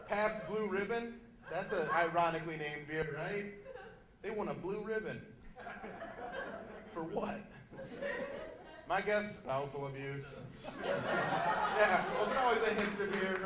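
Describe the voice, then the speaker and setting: Punchy male stand-up comic, laughing crowd. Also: on the high side. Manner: loud, punchy delivery with put-on character voices. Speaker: stand-up comedian. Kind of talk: stand-up comedy set. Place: comedy club stage before a live audience. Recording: echoey room, loud crowd laughter.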